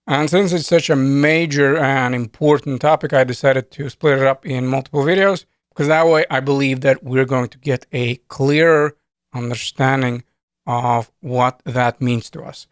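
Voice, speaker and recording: A man records a coding lesson at his desk in a mid-range voice. He explains in a loose, conversational way, pausing to think aloud. The sound is close and dry, with no room echo. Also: medium pitch, fairly even intonation. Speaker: programming instructor. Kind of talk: screen-recorded coding tutorial.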